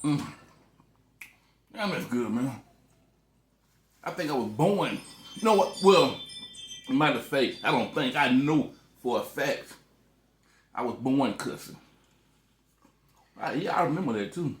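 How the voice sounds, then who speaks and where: A man's voice: medium pitch, animated, unhurried, long pauses. Cussing man eating on camera, roomy sound. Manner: loose, profane and joking, talking while eating. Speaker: food vlogger. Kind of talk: casual eating vlog.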